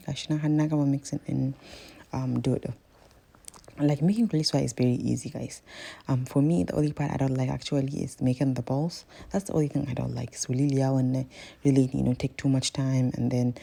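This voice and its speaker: Gravelly low-voiced woman. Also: dark tone. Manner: chatty, rambling, keeps addressing viewers as guys. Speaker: cooking vlogger. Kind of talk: casual cooking vlog.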